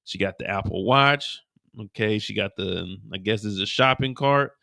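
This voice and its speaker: A man hosting a live after-show, recapping a TV episode with animated, profane storytelling. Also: lowish voice, normal speed, creaky. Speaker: host.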